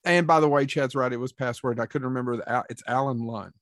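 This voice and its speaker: A man's voice: medium pitch, quick pace, dry recording, studio quality. A man co-hosting in casual chat, chiming in with facts and corrections.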